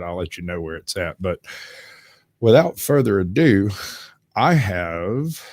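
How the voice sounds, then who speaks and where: A man hosts a livestream and introduces a guest in a relaxed, offhand way. His voice sits fairly low. The recording is dry and close. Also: no echo. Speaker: show host.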